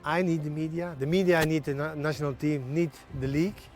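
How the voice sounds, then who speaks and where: A man, a national team's head coach, answering in halting non-native English with many pauses and fillers in a TV sports interview. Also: fairly high pitch, fairly even intonation, faint music behind. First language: not English.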